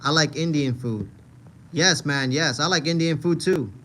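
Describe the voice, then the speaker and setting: A man's voice: fairly high pitch, normal speed, a bit bright. Rambling New York man hosting a livestream. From Manhattan, New York. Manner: rambling, repeats himself, frequent "you know what I mean". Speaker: livestream host reading chat. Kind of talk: casual livestream chat.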